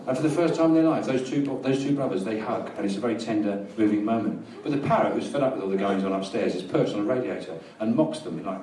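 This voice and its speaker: A London comedian spins a long, absurd story with dry deadpan timing. He is recorded from a distance in a small live venue, so his voice has a roomy echo. The audience's laughter rolls up clearly behind him. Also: medium pitch, fast talker, hardly any pauses, slight background noise. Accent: London English. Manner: rambling deadpan storytelling, bursts into loud rants. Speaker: stand-up comedian. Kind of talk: stand-up routine.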